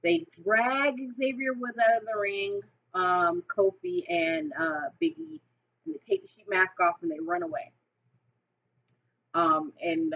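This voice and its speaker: Woman rambling excitedly, dull lo-fi sound. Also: mid-range voice. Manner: excited, rambling retelling with fillers. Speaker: wrestling fan vlogger. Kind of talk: casual storytelling monologue.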